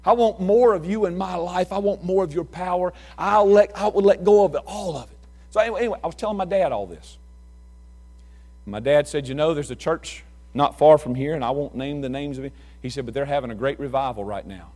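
High-voiced preacher. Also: male voice, fairly quick. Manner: folksy storytelling preacher, swings from quiet to shouting. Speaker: pastor. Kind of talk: sermon.

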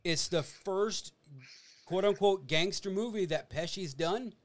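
A man hosting a podcast, telling stories in a casual, animated and profane way. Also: high-pitched, unhurried. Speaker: podcast host. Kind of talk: casual chat.

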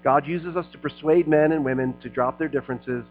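A middle-aged man preaching a sermon as a pastor, talking to the crowd like friends and swelling into loud passionate stretches. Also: medium pitch, normal speed, few pauses, phone-quality sound, faint music behind. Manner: conversational preaching, rising to loud passionate peaks.

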